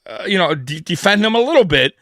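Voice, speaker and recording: Emphatic man arguing sports, bright voice. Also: high voice, very animated, a little fast, dry recording, studio quality. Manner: emphatic, repeats himself, acts out quoted dialogue. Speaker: podcast co-host. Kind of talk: casual sports talk. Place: live pregame stream.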